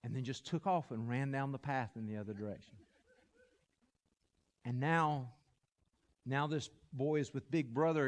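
Pastor man preaching, gets loud and worked up telling stories, big echoey church hall. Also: medium pitch. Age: adult. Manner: animated, builds to loud excited peaks when telling a story. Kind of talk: sermon storytelling.

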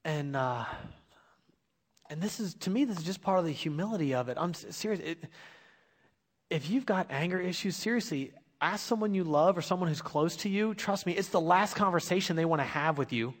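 A man's voice: on the high side, expressive, fairly quick. A man in his thirties giving an earnest, confessional sermon, telling a personal story and urging listeners. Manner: earnest, confessional, rising to emphatic exhortation. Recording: long hall reverb.

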